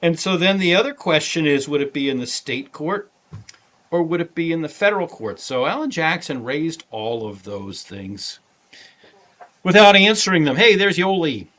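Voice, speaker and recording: A man's voice: fairly high pitch, expressive, normal speed, fairly bright tone. A man co-hosting a legal talk show, explaining law in a casual way with many fillers. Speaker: lawyer co-host.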